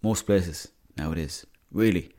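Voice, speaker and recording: A man's voice: deep voice, a little slow, dark tone. A young Irish man hosting a podcast, telling rambling, sweary comic stories. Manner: swears freely, storytelling. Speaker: podcast host.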